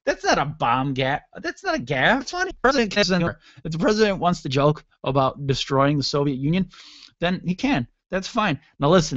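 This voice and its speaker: A man's voice: a little high, animated, quick pace, dry recording. A man in his thirties hosting a solo talk radio show, rambling through sarcastic, irreverent jokes. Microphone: studio mic with mixer. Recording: dull lo-fi dry sound.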